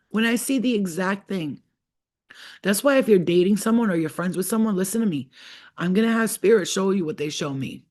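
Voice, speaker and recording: A woman giving a casual tarot reading to her viewers, blunt and profane, telling animated stories. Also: medium pitch, a little fast. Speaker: tarot reader. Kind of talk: casual spiritual talk to viewers.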